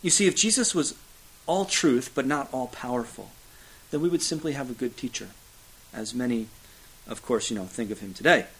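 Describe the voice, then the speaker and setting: Guy preaching a sermon, repeats lines, gets loud then drops real quiet, bit of uh here and there. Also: expressive, moderate pace, breathy edge, low-quality recording. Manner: dramatic swings from loud emphasis to hushed low delivery; repetitive preaching cadence with occasional fillers. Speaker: pastor.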